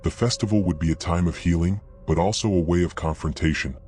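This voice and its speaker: A man narrating a horror story in a steady, even scripted read, with a husky voice. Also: sits low, fast talker, faint music behind.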